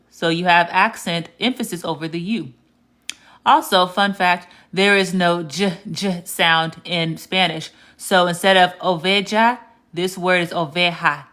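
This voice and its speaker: A woman teaches Spanish on a live stream in a fairly low voice. She is patient and clear and says each example word slowly, more than once. Now and then she stops to read out a viewer's comment and answer it. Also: fairly bright tone. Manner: reads viewer comments aloud and answers them. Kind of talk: live-stream language lesson.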